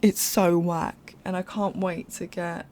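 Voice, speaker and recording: A woman's voice: on the low side, flat delivery, measured pace, a little mellow, slight background noise. A young woman giving casual, rambling voiceover commentary over a game build from home, chatty and apologetic, often laughing. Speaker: game speed-build creator.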